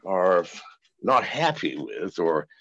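Gravelly, profane man on a video call. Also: deep voice, slow pace, lo-fi sound. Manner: profane, rambling, animated. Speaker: podcast guest. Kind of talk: casual interview.

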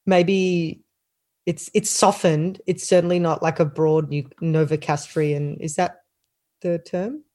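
A woman co-hosting a casual podcast, chatting in a relaxed, amused way. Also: on the low side, takes it slowly. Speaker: podcast co-host.

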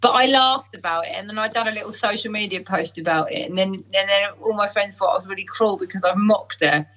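Woman, breathy voice, bright tone, animated storytelling guest. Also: medium pitch, fast talker, low-quality recording. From Essex, England. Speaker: singer-songwriter guest. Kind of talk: casual conversation.

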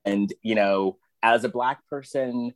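A man telling a story in casual chat, slow, deliberate and emphatic. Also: medium pitch, no room sound.

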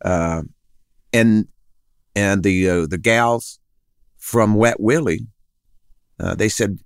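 A man's voice: fairly low pitch, fairly even intonation, slow pace, vocal fry, pauses often, smooth, no room sound, clean studio sound. An older man telling personal stories in an interview, rambling with many restarts and acting out the voices of people he quotes. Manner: acts out others' voices in quotes. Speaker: guest. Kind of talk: interview storytelling.

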